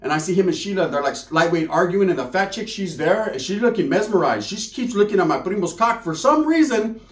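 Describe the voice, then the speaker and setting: A man's voice: high voice, lively intonation, brisk, echoey room. A man telling a crude comic story in slangy, profane speech. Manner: slangy, profane, acts out voices of people in the story.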